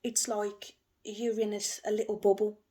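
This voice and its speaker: A woman giving an emotional, gentle tarot reading, repeating herself often. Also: mid-range voice, flat delivery, normal speed. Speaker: tarot reader.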